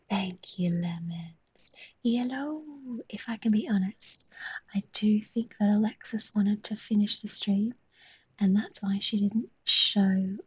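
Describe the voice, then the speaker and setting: A woman with a London accent talks loosely to her live-stream chat while drawing. She jokes and swears freely in a very breathy, husky voice. The sound is dry and close, with no room echo. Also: medium pitch, darkish tone. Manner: joking, sweary, reads chat aloud.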